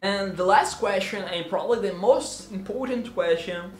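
Soft music plays behind this vlogger, whose voice sits high and moves at a normal speed in a roomy-sounding recording. He's a Brazilian man in his twenties, Portuguese his native tongue and his accent Brazilian Portuguese, joking and teasing theatrically through an easygoing question-and-answer video.

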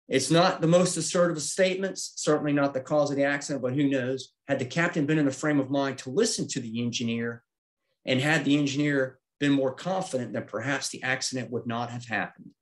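A middle-aged man with a mid-range voice gives a safety presentation. He is plain-spoken and walks through each chart step by step, often checking in with a quick "okay?". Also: mid-range voice. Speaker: aviation safety instructor. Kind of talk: slide-based safety presentation.

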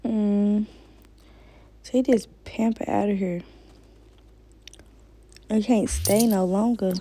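A woman's voice: mid-range voice, fairly even intonation, slow, warm tone, low-quality recording. A woman giving casual, slangy commentary while playing a game and talking to her viewers. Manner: slangy, chatty, talks to viewers. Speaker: gamer.

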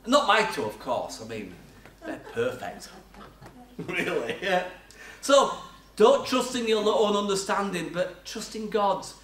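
A man's voice: high-pitched, sing-song, slow, a bit bright. An older man preaching a sermon, telling chatty stories about his own life with self-mocking laughs. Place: church hall. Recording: echoey church sound from far off.

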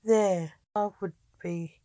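A woman narrating her own story in a plain, unhurried amateur reading. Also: medium pitch, fairly even intonation, mellow, dry recording.

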